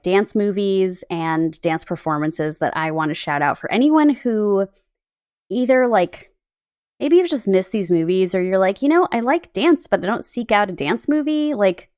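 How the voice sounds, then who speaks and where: A woman co-hosting a podcast in casual chat, animated and rambling, often laughing. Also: mid-range voice, clear, resonant tone. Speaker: podcast co-host. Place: Los Angeles.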